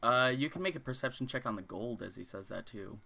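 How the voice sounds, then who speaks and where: A game master runs a tabletop session in a bright, crisp voice, rambling and casual and full of fillers. The pitch moves around freely as the scene is narrated. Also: expressive, brisk.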